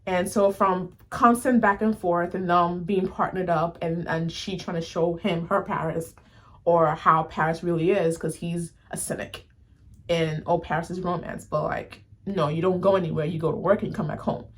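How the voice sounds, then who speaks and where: A woman chatting to the camera as she reviews a show, animated and talking straight to her viewers. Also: lowish voice, moderate pace. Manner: animated, addresses viewers as y'all, many fillers. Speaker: YouTube reviewer. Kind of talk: casual review chat to camera.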